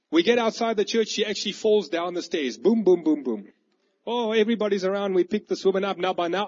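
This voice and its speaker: A man, preaching a sermon with animated, vivid storytelling. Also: high voice. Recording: dull lo-fi recording.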